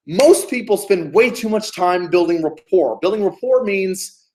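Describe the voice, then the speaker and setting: Animated, hyped-up male sales coach. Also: high-pitched, unhurried, hardly any pauses. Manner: emphatic and hyped, repeats key phrases, frequent swearing. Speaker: business coach. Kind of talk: motivational sales coaching talk.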